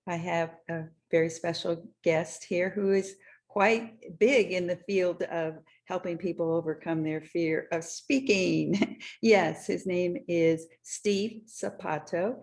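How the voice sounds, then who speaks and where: A woman's voice: on the low side, darkish tone. A woman hosting a podcast, introducing her guest with light laughs. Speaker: podcast host. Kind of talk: interview introduction.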